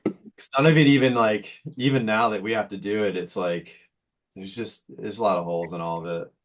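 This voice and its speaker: A man joining a casual chat over a video call, talking in a laid-back, slangy way. His voice sits on the low side. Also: steady tone, a little fast. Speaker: guest.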